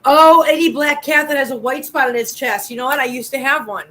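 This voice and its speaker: A woman's voice: high-pitched, fairly quick, sharp tone. A woman co-hosting a casual live stream, teasing and joking. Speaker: co-host.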